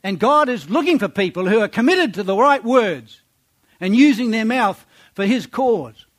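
A preacher speaks expressively at a moderate pace, reading scripture and urging his congregation on with rhetorical questions. His praise comes out low and hushed.

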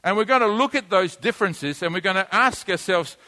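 A man pastor teaching a sermon, slow and emphatic, repeating key words and drawing in his listeners. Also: sits high, expressive, sharp tone. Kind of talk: sermon with audience interaction.

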